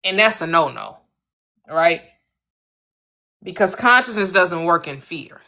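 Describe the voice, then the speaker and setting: Host type: American woman, bright, earnest motivational coach who repeats points for emphasis. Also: takes it slowly. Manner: earnest, coaching, repeats phrases, lively swings in pitch. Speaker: manifestation channel host. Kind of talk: motivational spiritual talk.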